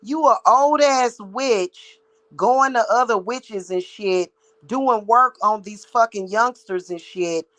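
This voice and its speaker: A woman's voice: on the high side, slow pace, a bit bright, rough recording. Psychic lady ranting at her viewers, blunt and cussing a lot. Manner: blunt, profane, heated. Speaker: psychic reader and spiritual practitioner. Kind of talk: ranting vlog monologue.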